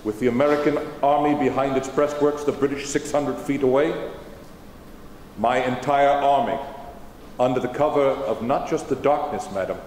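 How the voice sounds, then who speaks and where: A man's voice: mid-range voice, moderate pace, a little mellow, roomy sound, in a large hall, a little hiss or hum, poor audio. A man interpreting a historical general on stage, speaking in formal eighteenth-century phrasing, recorded in a large auditorium. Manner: formal 18th-century diction. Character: General George Washington, dignified older statesman. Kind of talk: first-person historical portrayal.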